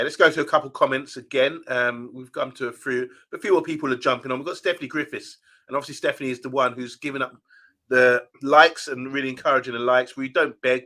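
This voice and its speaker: Bright-voiced man chatting on a livestream. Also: mid-range voice. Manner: chatty, reads out viewer comments. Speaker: co-host of a fan channel live show. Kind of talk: casual live-stream chat.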